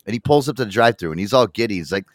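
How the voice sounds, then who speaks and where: A man talks loosely into a studio mic, his pitch bouncing up and down as he tells stories. He swears freely and keeps breaking into quick impressions of friends. The sound is close and dry, with no room around it. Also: no room sound. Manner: animated storyteller, swears freely, slips into impressions. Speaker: radio show host. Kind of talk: loose casual banter with crude humor. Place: small studio.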